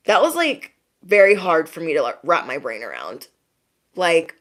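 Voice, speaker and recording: A woman's voice: sits low, huge pitch swings, unhurried, long pauses, a bit bright. A woman hosting a casual livestream, chatting in a slangy way with frequent laughs and "okay?" asides, and mimicking people she quotes. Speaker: tarot reader and livestream host.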